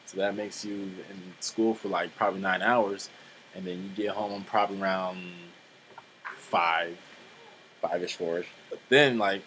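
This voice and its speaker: A man's voice: fairly low pitch, a bit bright, a little hiss or hum, rough recording. A man in his twenties talking in a casual vlog monologue, rambling and blunt, swearing freely, with many fillers. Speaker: vlogger.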